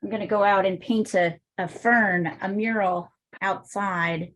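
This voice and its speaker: A woman's voice: mid-range voice, fairly even intonation, unhurried, a bit bright, rough recording. A woman teaching an art class, chatting casually and telling rambling stories.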